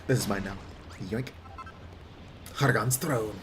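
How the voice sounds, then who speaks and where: A man's voice: on the high side, big pitch swings, moderate pace, background noise. A man hosting a gaming video, making playful, joking asides during a let's play. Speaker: gaming channel host.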